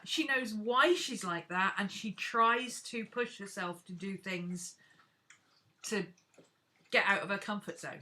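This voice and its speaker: A woman's voice: medium pitch, bright, forceful tone. A woman chatting frankly and casually to her viewers while she works on a craft live stream.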